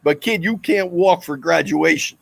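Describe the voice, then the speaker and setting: A man doing a gruff mob-style school principal. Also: on the high side, normal speed, fairly bright tone, dry recording, full character voice. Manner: gruff, wisecracking street talk. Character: tough middle-aged male school principal, mob-boss swagger.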